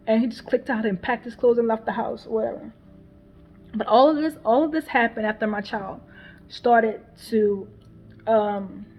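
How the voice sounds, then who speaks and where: A woman talking as a mother in a casual personal vlog, emotional and repetitive, swearing and laughing bitterly as she talks things through. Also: on the high side. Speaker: mother venting on her channel. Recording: dull lo-fi sound.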